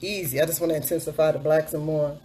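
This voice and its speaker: A woman's voice: low voice, steady tone, fast, dark tone, slight background noise. A woman vlogger chatting through a makeup tutorial, upbeat and repeating a hype catchphrase as she explains each step. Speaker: beauty vlogger.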